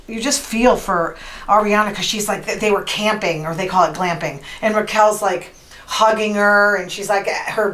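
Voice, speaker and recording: A woman's voice: medium pitch, fairly bright tone. An opinionated woman hosts her podcast in a casual gossip monologue, retelling stories and dropping into quoted lines. Her voice sits in a middle register. The room around her is echoey. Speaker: podcast host.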